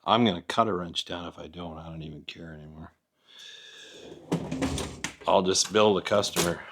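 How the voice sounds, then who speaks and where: A man's voice: deep voice, steady tone, moderate pace, pauses often, very noisy. A middle-aged man in a garage, rambling and joking at his own expense while he mutters through a repair under an old vehicle. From Canada. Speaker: home mechanic host. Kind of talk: casual workshop vlog. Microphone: camera set up nearby.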